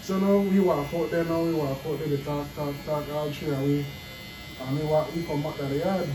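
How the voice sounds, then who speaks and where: Man spinning an animated story in a noisy barbershop. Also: fairly high pitch, a little fast, recorded from a distance. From Belize. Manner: animated storytelling, laughing often. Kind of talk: casual chat. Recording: echoey room with background noise.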